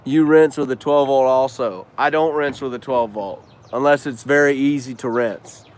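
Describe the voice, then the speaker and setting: On his casual live stream, a man who is a business owner and trainer takes viewer questions, talking slangy and cussing freely. He speaks in a mid-range voice at a moderate pace.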